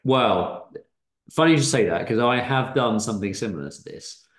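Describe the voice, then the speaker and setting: Low-voiced man in an echoey room. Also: animated, moderate pace. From England. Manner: dry quips, chuckling. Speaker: podcast co-host. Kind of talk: casual chat.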